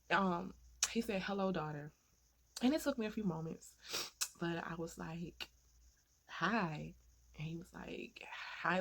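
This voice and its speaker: A woman vlogger telling a heartfelt personal story in an earnest way, repeating phrases for emphasis and turning to faith-filled encouragement. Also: fairly low pitch.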